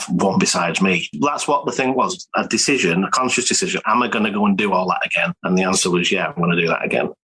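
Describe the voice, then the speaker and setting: Guest voice: husky, low-leaning man from England, lively anecdotes with acted-out quotes, casual and a bit sweary. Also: rough recording. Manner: animated storyteller, swears, acts out quotes. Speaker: guest, collector. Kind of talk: casual interview chat. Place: home studio with archive.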